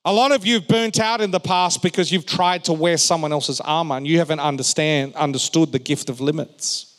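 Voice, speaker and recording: Man preaching with lively, emphatic swings. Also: on the high side, brisk. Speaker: pastor. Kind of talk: sermon. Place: church hall. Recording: long reverb of a large hall.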